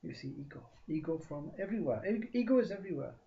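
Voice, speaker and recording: A man telling a story as a spiritual teacher, acting out the dialogue with sudden shifts from loud to whispered. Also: a little high, lively intonation, quick pace, creaky, slight background noise. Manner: acts out both sides of a dialogue, shifting loudness, drops to whispers. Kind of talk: storytelling talk. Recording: dull lo-fi recording.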